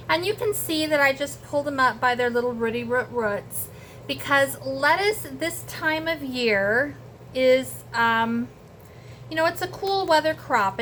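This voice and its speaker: A woman's voice: high-pitched, a bit bright, slight background noise. A middle-aged woman chatting casually to viewers in a homey vlog from her kitchen and garden. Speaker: homesteading vlogger.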